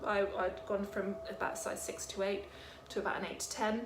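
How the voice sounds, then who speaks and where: A woman's voice: medium pitch, little pitch movement, moderate pace, background noise. A young British woman vlogging in casual chat at home, rambling and hesitant, with many ums. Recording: echoey room.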